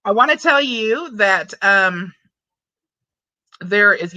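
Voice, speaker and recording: A woman hosting a casual livestream into a desk mic, talking to her viewers in a chatty, loose way. Her voice is bright and forward, with a medium pitch and a dry, close sound. She slips into giggles often and fills gaps with ums and restarts. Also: expressive, very slow, long pauses, no echo. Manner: giggly, breaks into frequent laughter. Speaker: livestream host reading viewer chat.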